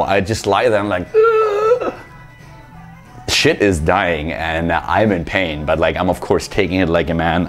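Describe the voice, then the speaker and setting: A man tells a casual story. He rambles, uses lots of fillers, and pokes fun at himself as he goes. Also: sits low. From Germany. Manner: rambling, filler-heavy, self-mocking. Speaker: vlogger.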